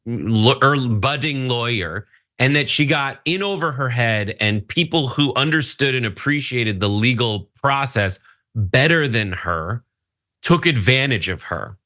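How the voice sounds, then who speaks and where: A man's voice: medium pitch, expressive, a little slow, bright, forceful tone. A man co-hosting a political news show, joking and mocking as he gives his take. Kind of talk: political commentary chat.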